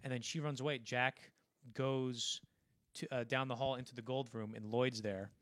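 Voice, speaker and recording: A man's voice: mid-range voice, fairly even intonation, moderate pace, fairly bright tone, no room sound. A young man co-hosting a casual film podcast, animatedly retelling scenes in a rambling way full of restarts. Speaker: podcast co-host.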